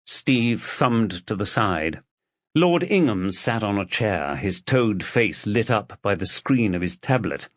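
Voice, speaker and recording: Expressive male audiobook narrator. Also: lowish voice, dry recording. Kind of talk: scripted narration. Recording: dull, dry close recording.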